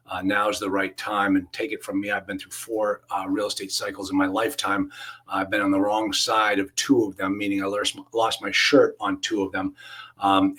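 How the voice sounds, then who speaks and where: Middle-aged male webinar host, husky, upbeat sales pitch full of fillers. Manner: energetic sales pitch with frequent fillers and restarts. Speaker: webinar host, real estate investing coach. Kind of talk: live webinar presentation.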